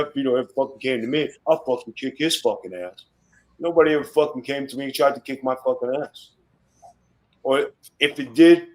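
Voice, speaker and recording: A man's voice: medium pitch, rough recording. Swaggering, foul-mouthed man in his fifties. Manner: profane, blunt and swaggering. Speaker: podcast guest, former wrestler. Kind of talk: casual podcast storytelling.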